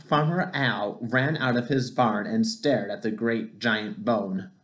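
Slow, gentle man reading a picture book. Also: mid-range voice. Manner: gentle, expressive storytelling. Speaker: storybook reader.

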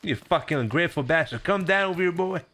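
A man's voice: on the high side, expressive, quick pace, fairly bright tone. A brash man gamer in in-game voice chat, cursing and egging others on.

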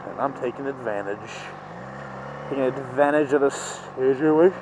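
Speaking at medium pitch and a moderate pace, a young vlogger gives casual helmet-cam commentary while riding his motorcycle through city traffic. He rants sarcastically and curses at other drivers, recorded by an in-helmet mic with loud road noise, traffic, and engine sounds.

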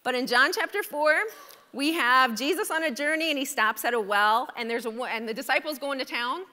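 A woman preaches to her congregation in a chatty, animated way, often turning to them with a quick question. Her voice is high and bright. It rings with the long reverb of a large church hall. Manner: animated, conversational, asks the congregation "right?". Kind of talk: sermon. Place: church sanctuary. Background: congregation responding.

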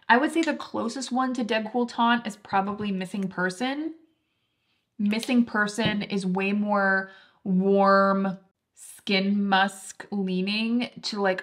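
Casting: young woman, chatty beauty vlogger, mid-range voice, lots of fillers. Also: medium pitch. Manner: chatty, filler-heavy, enthusiastic. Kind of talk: casual product review.

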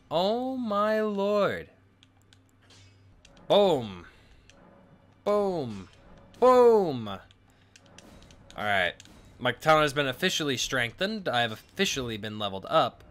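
A man's voice: fairly high pitch, pushed and bright. Swearing young man playing a game. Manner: swearing, frustrated outbursts, self-mocking. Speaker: gaming streamer. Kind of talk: casual gameplay commentary.

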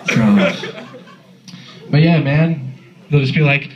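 A man's voice: mid-range voice, takes it slowly, background noise. New guy doing filthy stand-up, acting out voices, echoey club, muffled phone audio. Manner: crude, animated storytelling with acted-out voices. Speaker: stand-up comic. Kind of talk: stand-up comedy set. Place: comedy club stage. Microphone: phone recording from the audience.

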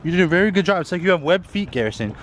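Playful man coaxing his dog, lively pitch. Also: rapid-fire. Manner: playful, encouraging, jokey dog voices. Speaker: vlogger. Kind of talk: casual vlog narration. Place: outdoors by a backyard pool. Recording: noisy outdoor recording.

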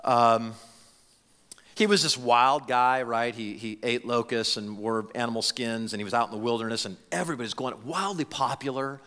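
A man preaching a sermon as a pastor, talking in an animated, conversational way with frequent restarts. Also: medium pitch, moderate pace, big-room sound. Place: church sanctuary.

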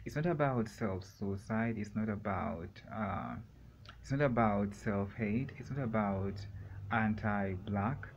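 A man talking alone in a room for a rambling solo vlog, meandering and halting with many fillers and pauses. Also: on the low side, highs cut off, a little hiss or hum. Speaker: vlogger.

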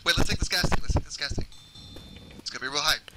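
A man chatting and swearing loudly while playing a co-op zombie shooter, often shouting in panic. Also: on the high side, fast, a crowd in the background, poor audio. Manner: loud, swearing, yelling in panic. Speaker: gamer. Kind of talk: casual co-op gaming chat.

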